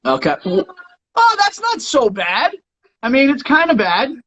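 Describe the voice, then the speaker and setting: Husky-voiced teasing male host. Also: very high-pitched, huge pitch swings, takes it slowly, low-quality recording. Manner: teasing, loud, playful. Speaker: aftershow host. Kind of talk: casual interview chat.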